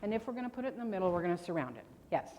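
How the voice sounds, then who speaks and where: A woman's voice: fairly low pitch, very animated, racing, darkish tone, slight background noise. An older woman presenting grammar at a convention workshop, chatty and quizzing her audience with questions. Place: large convention hall. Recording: long hall reverb.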